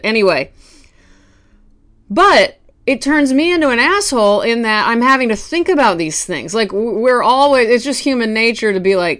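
A woman artist talking to camera at home, ranting with quick restarts and asides. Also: fairly high pitch, a bit bright, clear, resonant tone. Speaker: artist vlogger. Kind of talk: casual talk to camera.

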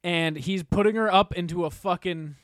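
A man's voice: high voice, moderate pace, clean tone, no echo, studio quality. A young man co-hosting a casual podcast, rambling, swearing and laughing. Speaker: podcast co-host. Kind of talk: casual chat.

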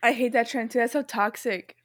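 A woman's voice: fairly high pitch, fairly even intonation, fairly quick, dry recording, studio quality. A woman co-hosting a podcast in casual chat, playful, slangy and laughing often. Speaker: podcast co-host.

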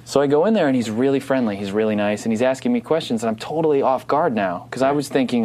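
A man from New Jersey telling a story in casual chat, animated and laughing, acting out the other people's voices. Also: mid-range voice, fast, hardly any pauses.

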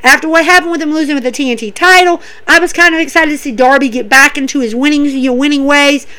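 A woman hosting a wrestling show, recapping matches in an excitable, rambling way with lots of fillers. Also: sits high, quick pace, rough recording. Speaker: wrestling podcast host. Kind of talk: casual recap and commentary.

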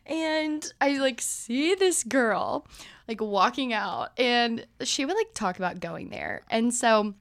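A woman's voice: fairly high pitch, animated, slow pace, fairly bright tone, no echo, studio quality. A young woman in her twenties co-hosting a casual podcast, telling stories with lots of laughter and acting out what people said. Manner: bubbly storyteller, laughs often, acts out quotes. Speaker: podcast co-host. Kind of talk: casual chat.

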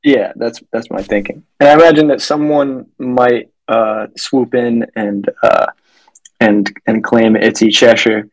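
A man's voice: mid-range voice, steady tone, unhurried, rough recording. A man co-hosting a podcast, chatting casually in a laid-back, rambling way. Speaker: podcast co-host. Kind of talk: casual chat.

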